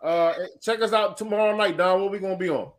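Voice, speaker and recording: A man with a high voice co-hosts a casual podcast, blunt and profane and hammering his points home. His delivery is emphatic. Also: quick pace. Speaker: podcast co-host.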